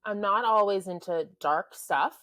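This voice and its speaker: A woman's voice: mid-range voice, unhurried, a bit bright. A woman co-hosting a film review podcast, chatting casually and reading background notes. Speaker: podcast co-host. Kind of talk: casual chat.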